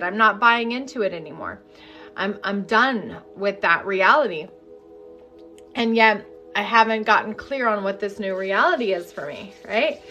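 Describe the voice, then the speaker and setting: A woman with a fairly high voice leads a live-streamed healing session. She talks frankly and casually, then slows into repeated, chant-like affirmations. Soft music plays faintly behind her. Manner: candid, chatty and profane, then slow incantatory guidance. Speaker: energy healing coach.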